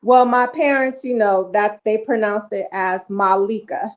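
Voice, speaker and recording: Soft-spoken polite lady calling in, middle-aged, a bit muffled video call sound. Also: mid-range voice, unhurried. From South Central Los Angeles. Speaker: caller. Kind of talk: casual call-in chat. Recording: slightly dull video call audio.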